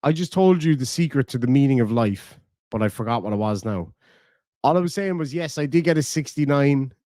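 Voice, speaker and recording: A man's voice: medium pitch, lively intonation, a little fast, dark tone, dry recording, clean studio sound. Crude, joking Irish man streaming. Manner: crude, joking, insults freely. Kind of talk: casual live-stream chat.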